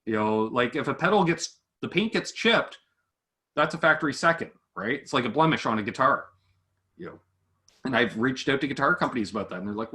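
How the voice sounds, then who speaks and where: A man chats casually about making guitar gear videos. His voice is bright and forward. He talks with animation and slips into quick impressions of the people he quotes. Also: medium pitch, lively intonation. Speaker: guitar gear demo creator. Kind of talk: casual chat between online creators.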